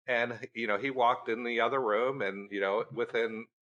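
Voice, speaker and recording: A middle-aged man and guest on a podcast, telling a story in a lively way and acting out the dialogue. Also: medium pitch, normal speed, dull audio. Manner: animated storyteller, acting out quoted dialogue with laughs. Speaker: research center director, guest.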